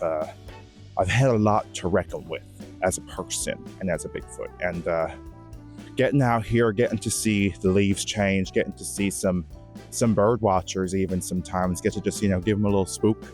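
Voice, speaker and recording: A self-absorbed Bigfoot rambles earnestly through his forest home, played by a man in a deadpan mock-documentary. He talks in a low, unhurried voice, stops and restarts his sentences, and mixes vanity with painful shyness. Faint music plays under the outdoor recording. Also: close to an everyday voice. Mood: earnest rambling. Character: vain, shy, emotional Bigfoot giving a forest tour. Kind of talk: mock-documentary comedy monologue. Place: outdoors in woods.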